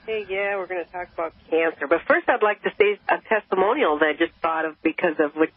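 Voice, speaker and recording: A woman's voice: lowish voice, fast, husky. A woman caller from Milwaukee, telling a story in a chatty, rambling way on a radio show. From Milwaukee, Wisconsin. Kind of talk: call-in radio talk. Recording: dull radio broadcast sound.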